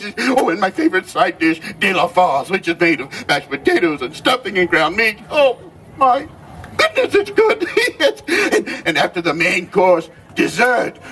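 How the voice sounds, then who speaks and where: A man's voice: high voice, sharp tone, far from the mic, slight background noise, full character voice. A man playing a jolly old Christmas gift-bringer, telling holiday stories to a live crowd with theatrical exclamations and frequent chuckles. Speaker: costumed storyteller. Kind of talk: live character storytelling to a crowd.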